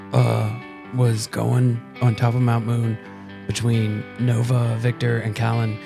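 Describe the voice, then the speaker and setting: Gravelly guy rambling through a recap, pretty flat, guitar music behind. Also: medium pitch. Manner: rambling, hesitant recap with fillers. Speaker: player. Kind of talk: casual recap.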